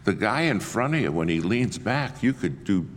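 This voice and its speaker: A man's voice: on the low side, big pitch swings, moderate pace. A male preacher, telling self-mocking, punchy stories in a sermon. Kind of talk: humorous storytelling sermon. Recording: long hall reverb, faint ambience.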